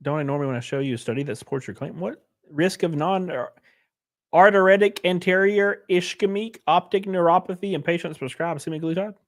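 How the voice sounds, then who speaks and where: This man's voice sits high and moves briskly. He's a livestream host reading viewers' chat comments out loud and answering them in a loose, joking, rambling way.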